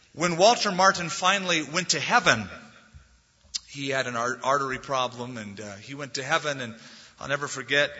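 A man pastor delivering a sermon, telling stories with animated delivery and rising loudly when quoting scripture. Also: mid-range voice. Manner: animated storytelling, swelling loud on scripture quotes. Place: church sanctuary. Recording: dull lo-fi recording in a reverberant hall.

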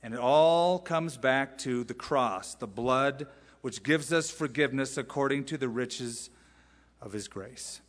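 A man's voice: medium pitch, measured pace. A male pastor preaching an expository sermon, emphatic and full of rhetorical questions and asides. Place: large church sanctuary. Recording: long reverb in a large hall.

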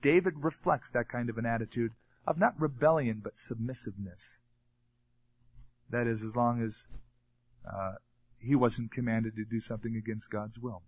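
A man's voice: mid-range voice, moderate pace, pauses often, highs cut off. A man preaching a sermon in a casual, conversational way, reading scripture and retelling it in everyday words.

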